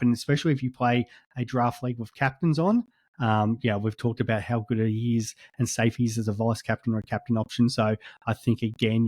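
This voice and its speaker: Flat-voiced Australian man chatting. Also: mid-range voice, no room sound. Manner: hesitant, lots of ums and restarts. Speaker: podcast guest. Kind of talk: casual podcast chat.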